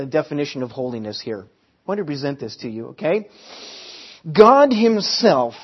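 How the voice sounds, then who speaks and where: A man's voice: high voice, slightly rough. A middle-aged man preaching a sermon, teaching earnestly and repeating key phrases for emphasis. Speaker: pastor. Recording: dull lo-fi recording.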